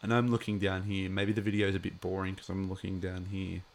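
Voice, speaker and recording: A man's voice: low voice, monotone, fast talker, vocal fry, a little hiss or hum. A man chatting casually as a live streamer, rambling with many fillers.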